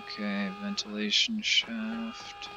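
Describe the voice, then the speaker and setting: An exasperated man grumbles and rants while playing through a game. His voice is medium-pitched, with clear noise underneath from the home recording. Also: completely flat delivery, slow pace, dull audio. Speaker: let's play gamer. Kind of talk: let's play commentary.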